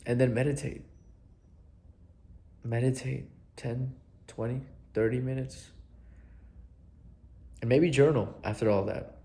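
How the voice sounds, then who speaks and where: A man's voice: medium pitch, steady tone, slow pace, long pauses, mellow. A young adult man coaching viewers in a casual vlog, earnest and blunt, swearing casually and repeating himself for emphasis. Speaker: self-help coach.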